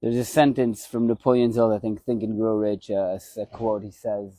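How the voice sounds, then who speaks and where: A man who once boxed talks loosely on a live stream, circling back over the same phrases as he remembers. His voice is warm and mellow. The sound is dry and close, with no room around it. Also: on the low side, level tone, moderate pace, no echo. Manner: rambling, repeats his phrases. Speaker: former boxer hosting a live stream. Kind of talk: casual live-stream reminiscence.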